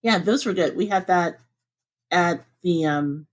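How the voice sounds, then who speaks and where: Chatty, laughing woman podcast host. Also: measured pace. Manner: chatty and laughs often, with lively swings up in pitch. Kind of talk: casual podcast chat. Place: home.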